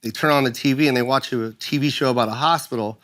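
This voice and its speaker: A man from the United States, a guest comedian in a casual podcast chat, telling animated stories and laughing often. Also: medium pitch, quick pace.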